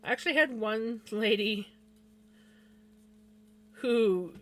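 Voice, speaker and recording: A woman's voice: a little high, slow pace, a bit bright. A woman live streamer telling a personal story to her viewers in casual chat. She talks bluntly and swears freely. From Canada.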